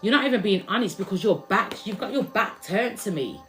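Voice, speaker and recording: A woman's voice: mid-range voice, expressive, fairly quick, a bit bright, faint music behind. A woman giving a live card reading to her viewers, blunt and emphatic, who swears and greets people from the chat. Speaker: tarot card reader.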